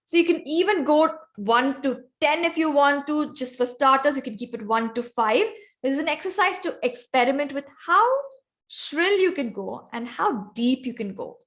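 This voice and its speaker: Over a video call, a woman acting as guest speaker gives an instructive presentation on vocal variety at an online club meeting, calling on members by name. Her voice is high-pitched and fairly bright, with lively intonation at a moderate pace.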